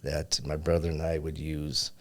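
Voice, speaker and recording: A man's voice: a bass voice, completely flat delivery, moderate pace. A man who grew up in Japan, a business owner talking as a podcast guest in an easygoing, reflective way. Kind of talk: casual interview chat.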